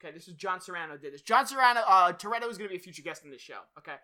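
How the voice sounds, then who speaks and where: A man's voice: sits high, animated, racing, sharp tone. A man hosting a podcast in casual chat, rambling, swearing and often laughing. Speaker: podcast host.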